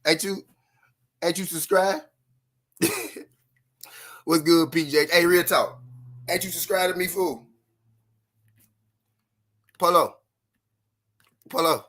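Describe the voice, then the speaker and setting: A man's voice: on the high side, fairly bright tone. A man from Memphis, Tennessee, hosting a live stream and taunting his chat with mocking, repeated jabs and frequent laughter.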